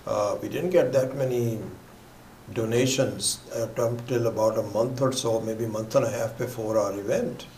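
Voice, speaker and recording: A man's voice: mid-range voice, normal speed, a little mellow. A man gives a spiritual teaching in a loose, rambling way, stopping and restarting often and sometimes sinking to a near whisper. The sound is roomy and echoey, with faint ambient noise underneath. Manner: rambling, with many fillers and restarts. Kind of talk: scripture class talk.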